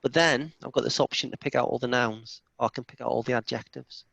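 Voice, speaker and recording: A man presenting a software demo in a live online session, enthusiastic and chatty, often restarting his sentences. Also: medium pitch, steady tone, quick pace, creaky, no echo. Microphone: video call. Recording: dull lo-fi video call audio.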